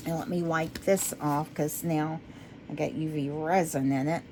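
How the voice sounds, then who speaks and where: A woman chatting casually to her viewers as she works on a craft project. She talks to herself while she works and drifts into low, quiet talk when she concentrates. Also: steady tone, unhurried, a little hiss or hum. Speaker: resin craft vlogger.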